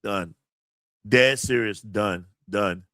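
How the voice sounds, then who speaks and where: Taking it slowly, this livestream host, who also teaches college, reads the chat and vents hard, swearing a lot. His voice sits on the low side with a fairly bright tone, recorded cleanly in a studio without room sound.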